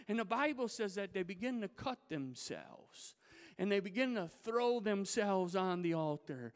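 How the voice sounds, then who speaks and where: High-voiced male pastor in a resonant hall. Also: moderate pace, clear, resonant tone. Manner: lively storytelling with dramatic retellings. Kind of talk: sermon. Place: church sanctuary. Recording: reverberant church hall.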